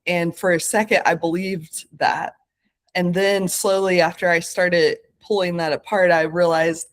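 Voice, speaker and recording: Earnest woman in her thirties, slightly low voice. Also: steady tone, unhurried. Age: 30s. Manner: earnest, searching, lots of fillers and self-corrections. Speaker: podcast guest. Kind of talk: reflective conversational interview.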